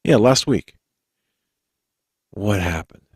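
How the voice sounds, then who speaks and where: A man's voice: lowish voice, animated, slow pace, breathy edge, no room sound, studio quality. A man hosting a talk radio show, folksy and rambling as he sets up a guest. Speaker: radio host.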